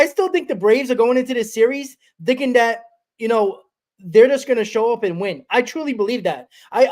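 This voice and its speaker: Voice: medium pitch, a little mellow. A sports talk host chatting casually, often restarting and repeating phrases. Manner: rambling, repeats himself. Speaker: podcast host.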